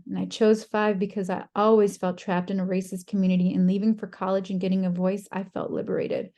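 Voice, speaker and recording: गहरी, खरखराहट वाली आवाज़ में बोलती एक महिला. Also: female voice, medium pitch, level tone, a little fast, few pauses. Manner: warm, encouraging, reads participants' chat aloud. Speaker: workshop presenter. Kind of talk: online workshop facilitation. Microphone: video call.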